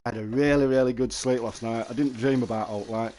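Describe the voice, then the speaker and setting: A man's voice: mid-range voice, steady tone, fast, warm tone, slight background noise. A man streaming a fishing game live, chatting and joking with his viewers and answering their messages.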